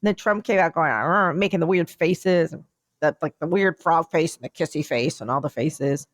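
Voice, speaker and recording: Woman podcast co-host, low voice, rambling animated storytelling, dry close sound. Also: moderate pace, no echo. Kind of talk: casual chat.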